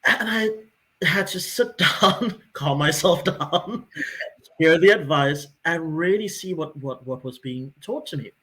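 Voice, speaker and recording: A man in his forties on a casual podcast, telling a personal story with lively acted-out dialogue. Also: on the high side. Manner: animated storyteller who acts out quoted dialogue.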